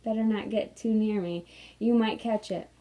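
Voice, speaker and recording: A woman reading as a small, earnest male mouse in a storybook, sick with a sore throat and gently worried. The tone stays mellow and soft-edged. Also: mid-range voice, steady tone, moderate pace, close to an everyday voice, poor audio.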